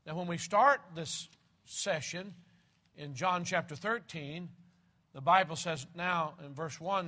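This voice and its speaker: Older guy preaching, earnest and emphatic, bright voice, a bit high. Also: takes it slowly. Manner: earnest, emphatic preaching with archaic prayer language. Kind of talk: sermon with prayer and scripture reading.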